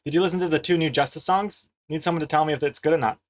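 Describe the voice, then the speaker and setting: A man's voice: a little high, very fast. A young man from New Zealand talks casually through a live drawing stream, his accent a blend of Kiwi and American. He reads chat messages aloud in an easy, chatty way and laughs often. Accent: mixed New Zealand and American. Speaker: webcomic artist and streamer.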